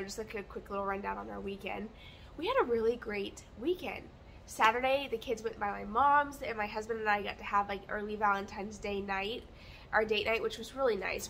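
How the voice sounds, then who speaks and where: A woman vlogging her day in a rambling, chatty, candid way, relaxed, with fillers and light laughs. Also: medium pitch, slight background noise. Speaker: lifestyle vlogger. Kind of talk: chatty day-in-the-life vlog.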